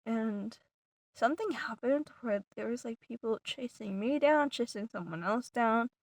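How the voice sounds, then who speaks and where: A woman's voice: a little high, a little slow, no echo. Chatty woman with a dry, close sound. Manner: rambling, full of "like" fillers and restarts; animated retelling, some words dropped to a whisper. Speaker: vlogger. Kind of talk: casual storytelling to camera.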